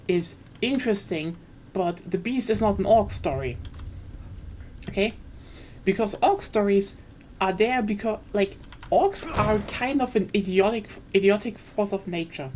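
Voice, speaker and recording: A woman's voice: mid-range voice, a little mellow, slight background noise. A woman streaming a game, ranting casually and enthusiastically, with frequent swearing and fillers.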